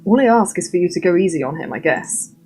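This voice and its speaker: A woman reading the lines of a calm, guarded young man in a story game, soft-spoken and measured. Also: high voice, soft background music, poor audio. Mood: quiet. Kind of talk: reading game dialogue aloud.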